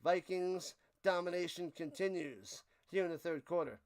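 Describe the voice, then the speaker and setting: A man's voice: sits high, normal speed. A young man hosting a live play-by-play stream, joking and laughing as he calls the action and trips over player names. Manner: jokey, animated, stumbles over names.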